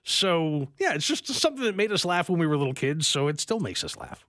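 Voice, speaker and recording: A man co-hosting a radio talk show in casual banter, playful and animated, reading listener comments aloud. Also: a little high, a little fast, no room sound, studio quality.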